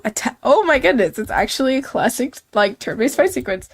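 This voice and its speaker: A woman playing through a quirky story game on stream with a slightly high voice. She reads the on-screen text aloud and reacts in a casual, self-mocking way, laughing at how strange it gets. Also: sing-song, brisk, slightly rough. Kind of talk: game commentary reading dialogue.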